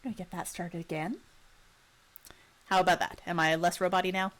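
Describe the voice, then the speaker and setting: A woman's voice: fairly low pitch, little pitch movement, brisk, a bit bright. A woman narrating as game master in a casual, rambling way. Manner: casual, rambling with restarts and fillers.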